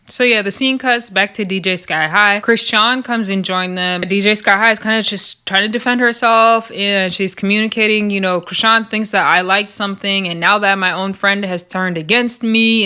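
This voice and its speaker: A woman's voice: medium pitch, sharp tone. A young woman giving casual, sassy recap commentary on a reality show, laughing often as she retells the scenes. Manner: chatty and sassy, laughs often, quotes cast members.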